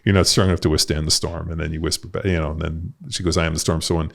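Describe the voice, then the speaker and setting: A man's voice: rumbling low, flat delivery, quick pace, creaky. A middle-aged man hosting a casual podcast chat, telling jokey stories and laughing often. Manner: joking storyteller, laughs often. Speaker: podcast host.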